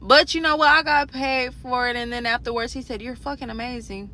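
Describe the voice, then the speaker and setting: A woman telling a profane, animated story in a casual storytime rant from a parked car, speaking into a phone. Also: fairly high pitch, fairly quick. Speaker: storyteller vlogger. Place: parked car in a parking garage.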